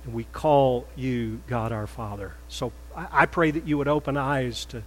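An older man preaching a sermon in a church, stressing words loudly, then dropping to a soft prayerful tone. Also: medium pitch, moderate pace, in a large hall, a little hiss or hum, poor audio. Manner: emphatic, swings between loud stresses and soft prayer. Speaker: pastor. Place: church sanctuary.

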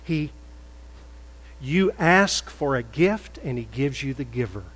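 An older man preaching a sermon in a church, stressing words loudly, then dropping to a soft prayerful tone. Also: medium pitch, animated, slow, long reverb tail, poor audio. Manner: emphatic, swings between loud stresses and soft prayer. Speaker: pastor. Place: church sanctuary.

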